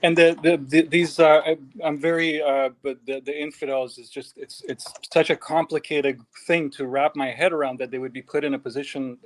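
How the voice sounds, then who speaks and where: A man's voice: on the high side, steady tone, normal speed, few pauses, rough recording. A man hosting an interview, asking long questions hesitantly while he searches for words. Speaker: interview host.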